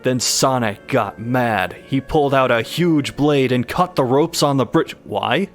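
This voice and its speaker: A man's voice: medium pitch, measured pace, faint music behind. A young man hosting a comedic live reading of a bad horror story, stumbling over misspellings and cracking up.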